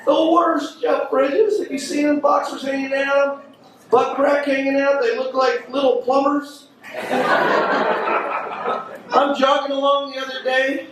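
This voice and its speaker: A man doing a loud, brash stand-up comedy routine on a club stage, teasing the audience while they laugh. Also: very high voice, monotone, a little slow, long pauses. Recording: echoey distant club recording with noise.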